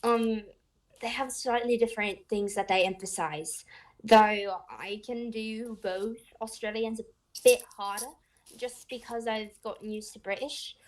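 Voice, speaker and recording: High-voiced chatty woman. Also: fairly even intonation, normal speed, low-quality recording. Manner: chatty, laughs often. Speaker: player. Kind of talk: casual chat among friends.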